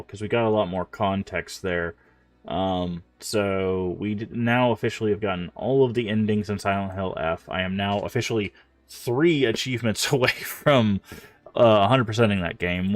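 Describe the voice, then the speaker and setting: A man's voice: lowish voice, dry recording. A man streaming a game, talking casually and rambling with many fillers, stuffed up from allergies. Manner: rambling, filler-heavy, apologetic. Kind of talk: casual gameplay stream chat.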